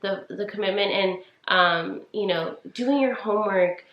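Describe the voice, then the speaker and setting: A woman's voice: mid-range voice, a little slow, muffled recording. A woman in her twenties co-hosting a podcast. She gives casual, heartfelt advice, says "like" a lot and talks straight to the listeners. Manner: earnest, heartfelt, many "like"s, addresses listeners as "you guys". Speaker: podcast co-host. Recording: echoey room.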